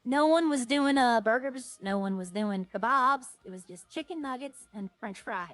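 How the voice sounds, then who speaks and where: A woman's voice: a little high, animated, normal speed, dry recording, soft background music. A woman streaming a roleplay game, rambling to herself as she plays and chatting in character. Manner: rambling, talks to herself while playing.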